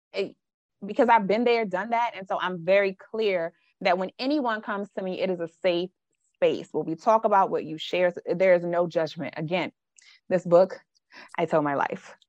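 A woman's voice: mid-range voice, normal speed, dry recording. Woman life coach, frank and emphatic; dry, lo-fi podcast audio. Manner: frank, emphatic, slips into dialect and quoted voices. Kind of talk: casual podcast chat.

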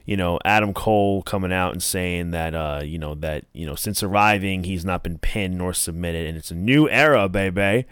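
Young man, wrestling podcast host, low voice, dry close sound, rambling fillers. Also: moderate pace, hardly any pauses, a bit bright, clean tone, no room sound. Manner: rambling, many fillers, acts out quotes in a raised voice. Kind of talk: casual commentary review.

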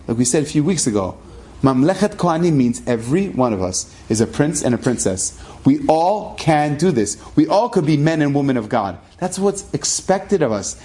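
A middle-aged rabbi telling a personal story in a lively way, sprinkling Hebrew terms into his English. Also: medium pitch.

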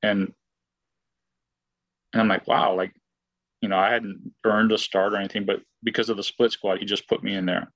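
A former baseball player, appearing as a guest, tells a long personal story in a lowish voice, flat and moderately paced with frequent pauses and a slightly bright tone. He rambles casually through fillers and restarts, often acting out what he said and thought, over a dry, muffled recording.

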